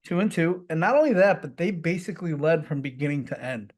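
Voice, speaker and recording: A man's voice: on the high side, expressive, brisk. A man co-hosting a casual sports podcast, speaking conversationally and steering the talk to each new topic. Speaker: podcast co-host.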